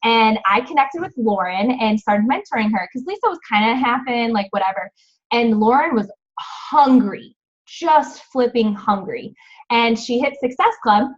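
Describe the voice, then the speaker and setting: Woman host on a video call, rambling, upbeat pep talk, slightly high voice, lo-fi audio. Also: lively intonation, normal speed. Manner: chatty, encouraging, rambling. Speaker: fitness team coach hosting a call.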